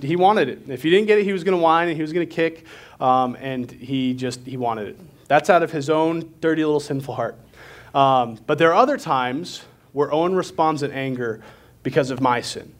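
Young man preaching a casual sermon. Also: fairly high pitch. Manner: conversational and candid, with self-deprecating asides.

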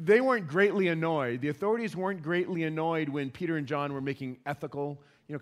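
Pastor, male, higher-pitched, emphatic sermon delivery, questions the listeners. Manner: emphatic, repeats key points, asks the audience questions.

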